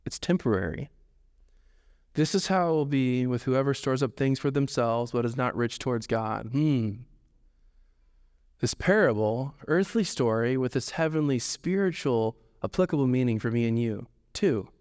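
A man in his thirties preaching a sermon as pastor, animated, jumping up in pitch when he acts out quoted voices. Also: moderate pace, clear, resonant tone, long reverb tail.

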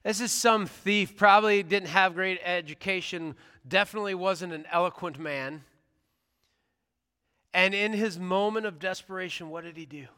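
A man's voice: high-pitched, moderate pace, pushed and bright, clean tone, long reverb tail. A man preaching a sermon as pastor, speaking in an earnest, conversational way in a church sanctuary.

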